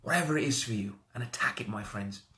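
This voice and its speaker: A man from Wales hosts a live social media video as an energetic motivational coach who welcomes viewers by name. He speaks quickly at a medium pitch, and his tone is a bit bright.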